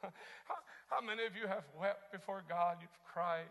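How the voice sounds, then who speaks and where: A man preaching a sermon as pastor, moving from quiet teaching into impassioned shouting. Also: high voice, a little slow, long reverb tail.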